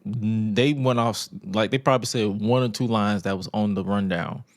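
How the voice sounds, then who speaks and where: A podcast co-host in casual sports chat, telling stories in a joking, profane way and acting out quotes. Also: male voice, lowish voice, moderate pace, no room sound, studio quality. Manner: storytelling, quotes others with acted asides, profane and joking.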